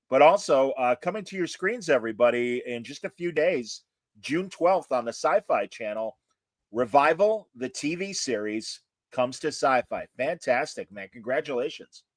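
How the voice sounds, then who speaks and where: A man's voice: medium pitch, dry recording. A man hosting a casual chat show, talking in a rambling way with lots of fillers and restarts. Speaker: host.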